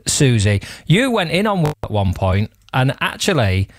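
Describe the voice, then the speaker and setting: A man hosting a radio show, with a mid-pitched voice in a dry studio. His teasing banter rambles on and often breaks into laughs. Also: very animated, normal speed, dry recording.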